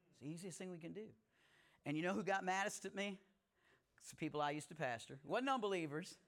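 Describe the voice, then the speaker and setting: A man's voice: high-pitched, quick pace, a bit bright. A middle-aged male pastor preaching a sermon in a conversational way, with folksy asides and rising emphasis.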